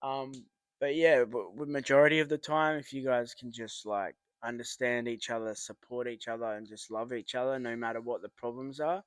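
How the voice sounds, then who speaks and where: A man's voice: mid-range voice, steady tone, moderate pace, clean tone, dry recording. A man giving casual relationship advice in a rambling monologue. He swears often, uses matey slang and acts out remembered arguments.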